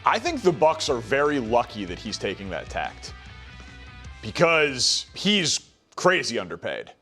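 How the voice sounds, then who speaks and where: A man hosting a sports talk show, who sets up topics and backs his points with statistics in a brisk, analytical way. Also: mid-range voice, huge pitch swings, fairly bright tone, soft background music. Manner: brisk, stat-heavy and analytical.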